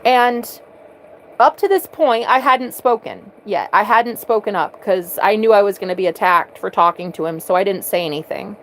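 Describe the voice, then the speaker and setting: Casting: earnest female vlogger, personal storytelling, halting restarts. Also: medium pitch, fairly bright tone, a little hiss or hum, rough recording. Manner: earnest, repeats words as she restarts.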